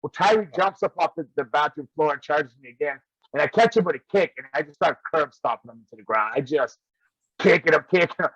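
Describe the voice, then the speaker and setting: A man's voice: on the high side, lively intonation, fairly quick, a bit bright, husky, dry recording. Laughing man spinning wrestling stories. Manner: laughs often while telling stories. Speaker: guest wrestler. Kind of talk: casual storytelling. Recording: dull, lo-fi sound.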